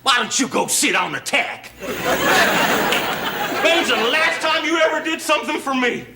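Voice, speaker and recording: A man playing a blustering, hot-tempered husband full of schemes in a TV sketch. He argues with his mother-in-law in exasperated shouts. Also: very high voice, very animated, normal speed, over a noisy crowd, heavy background noise, heavily acted. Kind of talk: 1970s TV sketch comedy acting.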